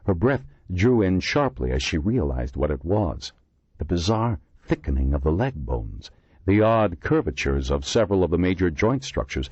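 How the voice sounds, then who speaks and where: A man narrating an audiobook in measured storytelling, voicing the characters himself. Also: low-pitched, a little mellow, slightly rough, no echo, muffled recording. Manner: measured storytelling with many voices. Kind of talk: scripted narration.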